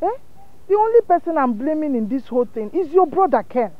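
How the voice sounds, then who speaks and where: Auntie calming folks down, lively high voice. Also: female voice, brisk, no echo, narrow, tinny audio. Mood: soothing. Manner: soothing, scolding. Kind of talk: film drama.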